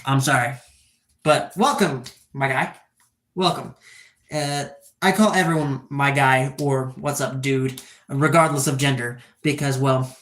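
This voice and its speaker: A person in their twenties livestreaming, chatting casually and rambling excitedly, swearing often and answering chat questions. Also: mid-range voice, measured pace, echoey room. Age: 20s.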